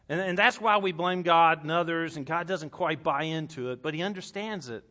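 A man with a bright, forceful, rather high voice preaches a sermon to a room full of people. He talks like he is chatting with them, often repeating words as he goes. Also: moderate pace, hardly any pauses. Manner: conversational preaching with stammered repeats and laughter. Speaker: pastor. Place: room with a congregation.

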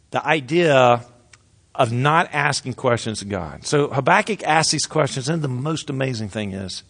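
A man preaching a sermon, animated, acting out voices and swinging between loud and soft. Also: fairly high pitch. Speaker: pastor.

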